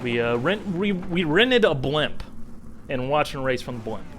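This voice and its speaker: A man's voice: on the high side, expressive, moderate pace, background noise. A man from the Midwest chatting casually and rambling as he streams a racing sim, poking fun at himself. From American Midwest. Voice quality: rambling and self-mocking. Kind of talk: casual live-stream chat.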